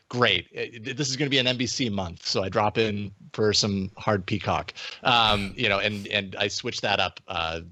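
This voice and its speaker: A lower-voiced man guesting on a podcast, relaxed and chatty, thinking out loud about his habits. The sound is dry and close. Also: no room sound. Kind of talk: casual chat.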